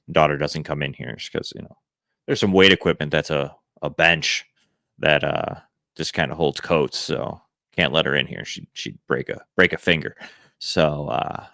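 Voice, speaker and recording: A man hosting a live fantasy football advice show from home, answering viewers in a relaxed, chatty way. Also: rumbling low, creaky, no echo, studio quality. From Buffalo area. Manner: relaxed, chatty, quick verdicts with fillers. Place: home room he calls Santa's workshop.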